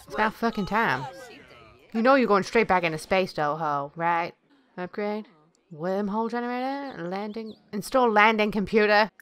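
A woman giving crude, excitable commentary while playing a video game. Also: mid-range voice, moderate pace. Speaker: let's play gamer. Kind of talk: gameplay commentary.

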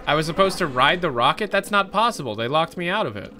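A man's voice: fairly high pitch, expressive, fast talker, pushed and bright. A man streaming a game, chatting casually, rambling and swearing as he plays, with a desk mic. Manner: rambling, profane, joking. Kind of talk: casual live gameplay commentary.

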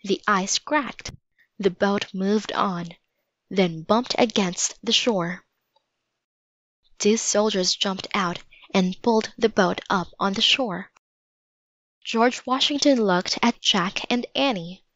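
A woman reading a children's chapter book aloud in a slow, steady manner. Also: mid-range voice, no room sound, dull audio. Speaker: storybook reader.

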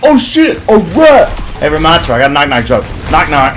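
A man playing a video game and joking through his match, with loud, profane trash talk and mock-whiny theatrical bits. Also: on the high side, huge pitch swings, a little fast. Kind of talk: comic gameplay commentary. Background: background music.

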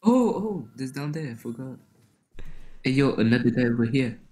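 A young man joking deadpan while playing a video game with a friend. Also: medium pitch. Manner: slow, deadpan, absurd jokes. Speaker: gamer. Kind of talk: casual gameplay banter. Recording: echoey room with faint noise.

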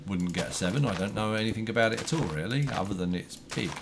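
A man's voice: fairly low pitch, fast. A man chatting casually while he plays and streams a game, thinking aloud with plenty of fillers. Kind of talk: casual chat while playing. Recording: noisy home stream audio.

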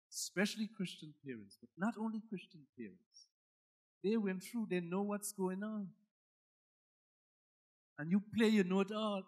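A male pastor preaching a sermon with emphatic delivery, moving from hushed asides to loud, shouted climaxes. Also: sits high.

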